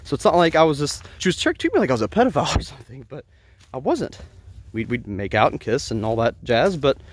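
A man's voice: mid-range voice, very animated, fast. A man telling a personal story in an earnest, rambling way, often restarting his sentences. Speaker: vlogger.

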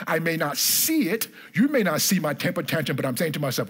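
A man preaches in church with a high voice that leaps up and down in pitch. He drives his points home through repetition and calls on the congregation to answer him. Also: expressive, fairly quick, a bit bright, breathy edge. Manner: emphatic preaching with repetition, asks congregation for responses. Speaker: pastor. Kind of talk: sermon.

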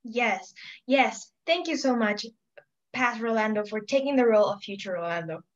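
A woman's voice: fairly high pitch, moderate pace. A woman hosting a school show in a comic skit, playful in her delivery. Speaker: show host. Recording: dull, lo-fi audio.

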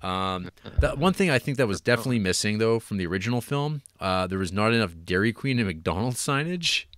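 A man's voice: fairly low pitch, lively intonation, fairly quick, a bit bright, no echo. Brief: male co-host, mocking casual tone, dry close sound. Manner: rambling, wry, lots of fillers and mocking. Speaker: podcast co-host. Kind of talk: casual film review chat.

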